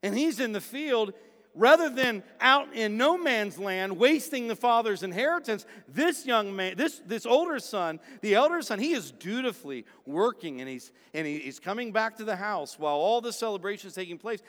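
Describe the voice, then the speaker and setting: Animated preacher man in a reverberant hall. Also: high-pitched, moderate pace. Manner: animated preaching, swings from loud emphasis to quiet. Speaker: pastor. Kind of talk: sermon.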